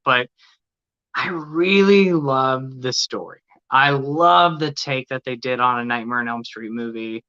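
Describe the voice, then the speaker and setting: A man's voice: medium pitch, pushed and bright, smooth. A man co-hosting a podcast, talking with enthusiasm in a casual chat. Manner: enthusiastic, quick to praise. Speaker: podcast co-host. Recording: slightly dull lo-fi audio.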